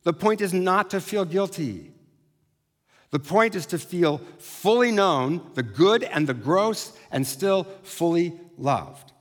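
A man preaching a sermon as a pastor, conversational with animated asides. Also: high voice, slow pace. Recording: long hall reverb.

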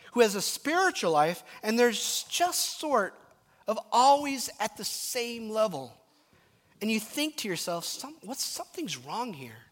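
A man preaching a sermon, telling stories and dropping to a murmur at times. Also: high-pitched. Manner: animated, storytelling, drops to a murmur at times. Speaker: pastor. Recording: reverberant hall.

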